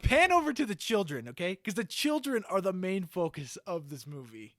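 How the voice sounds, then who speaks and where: A man on a podcast pitching a movie idea like a comic storyteller, checking in with "okay?" after almost every phrase. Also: very animated, moderate pace, a bit bright, no echo. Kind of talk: casual comedic pitch.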